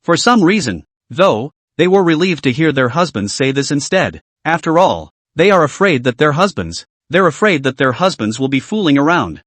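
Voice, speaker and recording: A man's voice: on the high side, sing-song, moderate pace, few pauses, fairly bright tone, dry recording. A man reading a comic story recap as a scripted narration.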